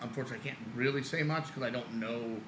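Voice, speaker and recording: A man's voice: medium pitch, quick pace, echoey room, noisy background. A man talking loosely as a podcast guest, rambling and laughing often. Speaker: guest film producer. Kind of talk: casual podcast chat.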